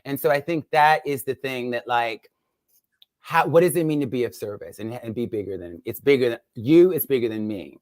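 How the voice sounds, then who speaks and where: A woman in her fifties, a guest joining by video call, telling stories in a lively, laughing, expressive way. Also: rumbling low, normal speed. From United States. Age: 50s. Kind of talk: casual chat.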